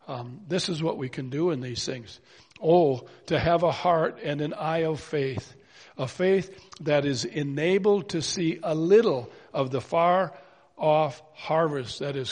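A man's voice: fairly high pitch, measured pace, darkish tone. A man preaching a sermon in an earnest, pleading way, full of rhetorical questions. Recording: long hall reverb.

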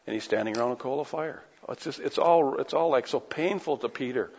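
A man's voice: mid-range voice, brisk, darkish tone, slightly rough. A man preaching a sermon with passion, pressing his listeners with rhetorical questions. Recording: echoey hall, dull lo-fi sound.

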